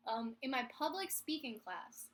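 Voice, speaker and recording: A young woman with a Philadelphia accent, chatting casually and mocking herself. Her voice is bright and forceful and sits a little high. She keeps slipping into the voices of the people she quotes. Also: lively intonation, normal speed. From Philadelphia, USA. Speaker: vlogger. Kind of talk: casual live chat.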